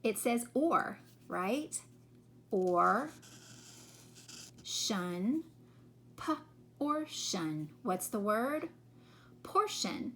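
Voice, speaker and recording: A woman teaching a phonics lesson to children, sounding out words slowly and patiently. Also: on the high side, a bit bright, slight background noise.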